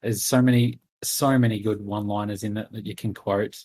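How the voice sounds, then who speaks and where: Hesitant low-voiced man chatting. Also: fairly even intonation, fairly quick, a little mellow. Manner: hesitant, restarts often with "I don't know". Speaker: podcast co-host. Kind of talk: casual film discussion.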